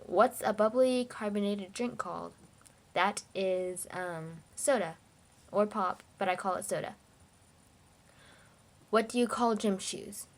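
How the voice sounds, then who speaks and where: A woman's voice: medium pitch, takes it slowly, long pauses. A young woman from China, talking casually and reading out a word list for her vlog, hesitant with many fillers.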